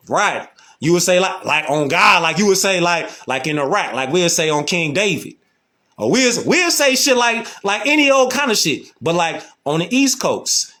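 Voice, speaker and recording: In a high-pitched, fairly bright voice, a Chicago man riffs casually in a slangy social media monologue. He leans often on the phrase "you know what I'm saying."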